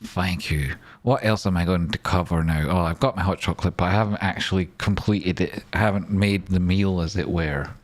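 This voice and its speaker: Low-voiced sweary streamer, dry sound. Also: male voice, brisk, few pauses, dry recording. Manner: rambling, sweary and blunt. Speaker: stock trading streamer. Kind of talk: casual live-stream chat.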